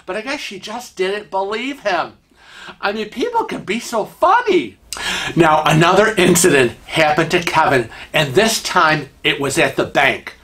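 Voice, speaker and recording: A man's voice: high voice, sing-song, measured pace, a bit bright, slight background noise. A man hosting a show, telling funny stories in a chatty way and laughing along. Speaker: host. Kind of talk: casual storytelling.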